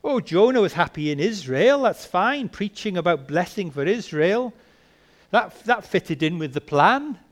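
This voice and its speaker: A man preaching a sermon, asking rhetorical questions and swinging between soft and emphatic delivery. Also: high voice, sing-song, a little slow.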